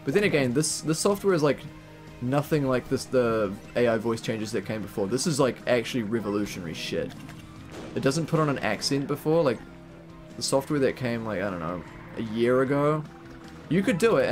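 A man's voice: mid-range voice, animated, fairly quick, faint music behind. Rambling New Zealand streamer guy. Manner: rambling, laughing, swearing casually. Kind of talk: casual live-stream gaming chat.

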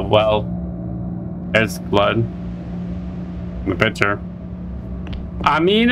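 A gamer giving casual, nervous commentary on a horror game, often talking in a high coaxing voice to the creatures on screen. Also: creaky, background noise. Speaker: let's play gamer.

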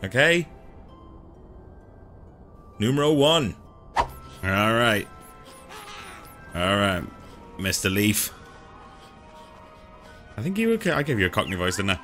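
A man's voice: on the low side, sing-song, slow, pauses often, pushed and bright, soft background music. A man hosting a let's play, giving chatty, self-mocking gameplay commentary and laughing often.

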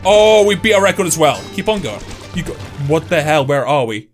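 Man, excitable game commentary, slightly high voice, jokey, faint music underneath. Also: a little fast. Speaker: gaming YouTuber.

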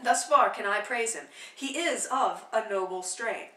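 Ruolo: principe cortese e affabile, combinatore di matrimoni, letto da una donna, tono signorile, stanza con eco. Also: female voice, mid-range voice, measured pace, pushed and bright, echoey room, distant mic, rough recording. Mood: genial. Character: courtly prince, genial matchmaking nobleman. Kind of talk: dramatic play reading.

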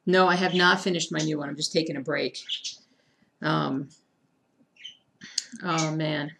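Casual woman streamer with a slightly low, gravelly voice, chatting to viewers and muttering to herself. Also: fairly even intonation, fast talker, a bit bright, a little hiss or hum. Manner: chatty, self-deprecating, talks to chat, mutters to herself. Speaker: cross-stitch streamer. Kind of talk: casual live-stream chat while stitching.

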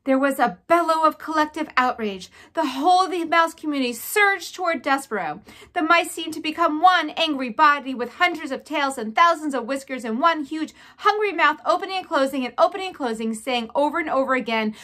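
Woman, high voice, children's book read-aloud, chatty asides. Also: animated, brisk, bright, forceful tone.

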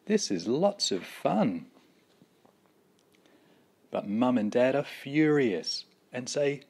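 A man reading a children's picture book aloud in a slow, deliberate, expressive storytelling manner. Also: medium pitch, gravelly, slightly rough. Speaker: storybook reader.

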